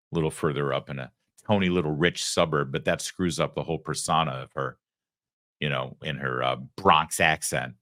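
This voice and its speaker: A man's voice: a bass voice, fairly bright tone. A man hosting a political commentary show, talking in an emphatic, sarcastic way.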